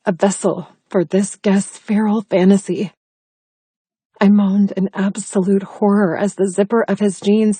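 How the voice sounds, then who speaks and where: Husky-voiced woman narrating an audiobook. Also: medium pitch, dark tone, no echo. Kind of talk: first-person audiobook narration.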